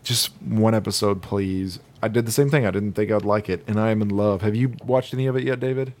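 A man co-hosting a podcast in casual chat, animated, laughing and swearing often. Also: on the low side, brisk. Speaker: podcast co-host.

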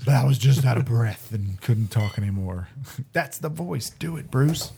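Chill guy hosting a podcast, warm voice, hyped and laughy, a bit of noise behind. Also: mid-range voice, expressive, normal speed, vocal fry. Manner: enthusiastic, laughs often, swears casually. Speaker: podcast host. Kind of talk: casual podcast chat.

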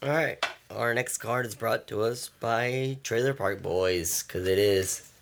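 Deadpan joking male guest. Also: on the low side, unhurried, creaky, background noise. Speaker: podcast guest. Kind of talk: casual banter over a party game.

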